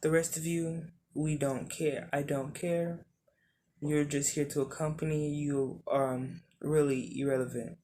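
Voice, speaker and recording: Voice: medium pitch, flat delivery, measured pace, warm tone, lightly acted. A storyteller doing a curt young ninja leader. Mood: dismissive. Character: young male ninja team leader, commanding.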